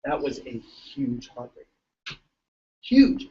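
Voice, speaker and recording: A man's voice: mid-range voice, sing-song, slow, dark tone, distant mic, highs cut off. A man giving a joking, story-filled motivational talk to students at a large event. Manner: joking, tells stories, laughs often. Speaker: keynote speaker.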